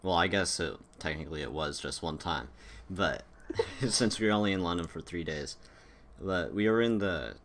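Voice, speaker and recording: Very deep-voiced young man, rambling. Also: lively intonation, normal speed, fairly bright tone, a little hiss or hum. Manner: rambling storyteller, many fillers and restarts. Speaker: podcast host. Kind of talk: casual chat.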